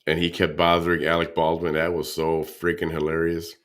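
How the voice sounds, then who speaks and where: Host, male, very low voice, relaxed gossip commentary. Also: fairly quick. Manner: laid-back, swears, laughs at clips. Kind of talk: casual commentary on gossip clips.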